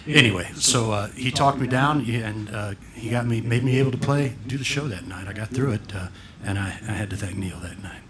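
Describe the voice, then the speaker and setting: A man, a bass player, telling a meandering, laughing anecdote on a small pub stage. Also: a little fast, few pauses, a loud crowd. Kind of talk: rambling spoken anecdote. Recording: noisy live bar recording.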